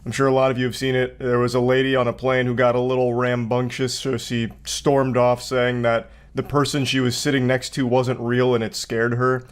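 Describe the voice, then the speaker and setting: A man's voice: medium pitch, completely flat delivery, normal speed, few pauses, clean tone. A man hosting comedic video commentary, riffing sarcastically and swearing freely. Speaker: commentary host.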